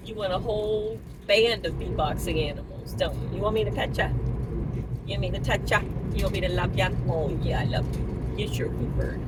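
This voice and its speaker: A woman's voice: mid-range voice, moderate pace. A woman talking baby talk to her pet bird inside a car, sing-song, coaxing and playful. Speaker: bird owner. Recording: noisy car interior, distant mic. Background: car engine and heater noise.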